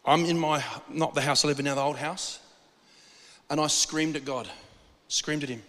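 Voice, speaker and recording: A man's voice: a little high, moderate pace, in a large hall. A man preaching a sermon, telling stories animatedly and acting out the voices in them. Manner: animated storytelling with acted-out quotes and laughs. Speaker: pastor.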